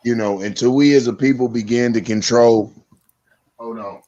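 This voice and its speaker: A man with a mid-pitched voice holds forth in casual discussion, earnest and a bit speechifying. The recording sounds slightly dull and lo-fi. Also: steady tone, moderate pace, dark tone.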